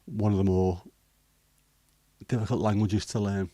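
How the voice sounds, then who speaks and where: A man's voice: fairly low pitch, little pitch movement, a little slow, mellow, no echo. A man with a Liverpool accent hosting a casual livestream, chatting through viewer comments with rambling, hesitant banter and the odd swear. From Liverpool, England. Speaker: livestream host.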